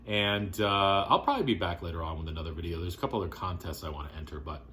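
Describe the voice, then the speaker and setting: Deep-voiced man chatting about records. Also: quick pace, slight background noise. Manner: relaxed, rambling, wistful, with many fillers. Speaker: vinyl collector vlogger. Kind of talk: casual video chat about records.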